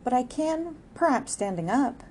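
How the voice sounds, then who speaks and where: A woman's voice: high-pitched, animated, moderate pace, a little mellow, a little hiss or hum, voice pushed up. A woman voicing a shy, earnest young working man in a raised, light voice.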